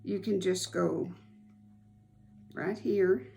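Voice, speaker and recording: Slow, gravelly-voiced woman teaching sewing. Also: fairly low pitch, mellow. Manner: unhurried, homey step-by-step explaining. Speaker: quilting instructor. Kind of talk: hands-on sewing tutorial.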